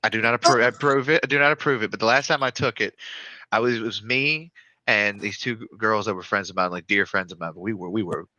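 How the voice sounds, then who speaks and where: Man, casual emphatic storyteller, bright tone, dry sound. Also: on the low side, quick pace, no room sound, lo-fi sound. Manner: loose, emphatic, swearing.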